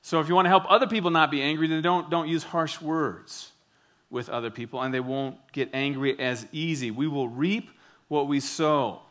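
A man preaching a sermon with a bright, forceful voice that sits a little high. He tells stories with animated delivery, acting out the quotes. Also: moderate pace. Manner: animated storytelling, acts out quotes. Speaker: pastor.

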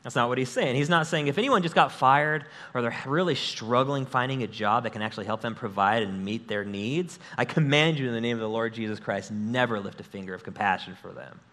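Lively, joking pastor preaching to his church. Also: medium pitch, a little fast, hardly any pauses. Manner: energetic, conversational, jokes with the congregation. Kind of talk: sermon. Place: church sanctuary with a congregation.

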